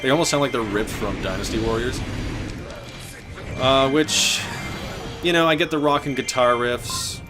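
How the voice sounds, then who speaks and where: A man in his twenties doing casual, rambling gameplay commentary with deadpan jokes, button clicks audible. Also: medium pitch, normal speed, pauses often. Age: 20s. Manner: joking, rambling, deadpan absurd asides. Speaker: gaming channel host. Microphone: desk mic with button clicks heard. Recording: game music under the voice. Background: game music.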